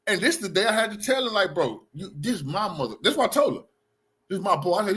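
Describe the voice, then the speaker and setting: A man's voice: sits high, big pitch swings, fast, a bit bright, slightly rough. A man streaming casual, rambling commentary, profane and boastful. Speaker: streamer and blogger.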